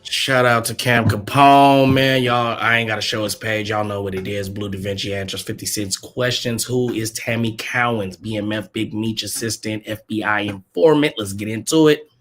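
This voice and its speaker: A man's voice: fairly low pitch, normal speed, hardly any pauses, fairly bright tone. A man hosting a casual livestream chat, thinking aloud at his computer and putting probing questions to his guests. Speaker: host. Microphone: desk mic at a computer.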